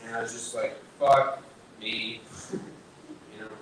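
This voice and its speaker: A young man doing stand-up in a small bar, rambling loosely, swearing, and restarting his sentences. His voice sits in a middle range and sounds far off in a very echoey room with clear background noise. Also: mid-range voice, completely flat delivery, moderate pace, fairly bright tone. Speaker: stand-up comedian. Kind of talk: stand-up set at an open mic. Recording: echoey room, distant mic, noisy.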